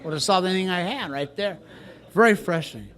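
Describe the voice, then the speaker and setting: A man's voice: high voice, expressive, fairly quick, a bit bright. Wry man telling his story. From Texas, USA. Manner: wry, joking storyteller who laughs at himself. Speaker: recovery speaker at a retreat. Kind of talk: personal recovery story told to a crowd.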